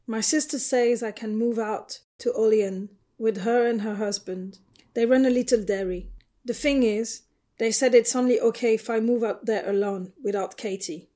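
A woman's voice: a little high, fairly even intonation, normal speed, warm tone, close to an everyday voice. A woman reading the part of Jan, a blunt, bitter butch woman in her forties, in a storybook narration. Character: Jan, a weary 44-year-old butch woman.

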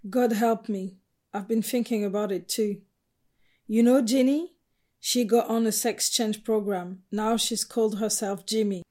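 A woman's voice: mid-range voice, fairly even intonation, a little slow, dark tone, lightly acted. A woman voicing Grant, a brash anxious butch. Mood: uneasy.

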